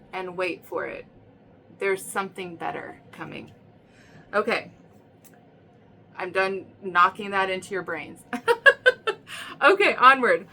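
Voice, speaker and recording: A woman's voice: lowish voice, vocal fry, bright, forceful tone, slight background noise. A woman giving a casual tarot reading in a chatty, rambling way, often checking in with "okay?" and "right?". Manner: chatty, repeats herself, frequent "okay?" and "right?". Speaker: tarot reader.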